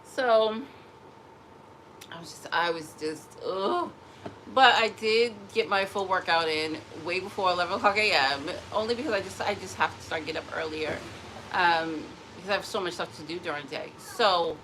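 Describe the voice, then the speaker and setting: A woman's voice: on the low side, a little fast, noisy background. A woman in a casual personal vlog, rambling emotionally and often restarting her sentences. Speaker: vlogger.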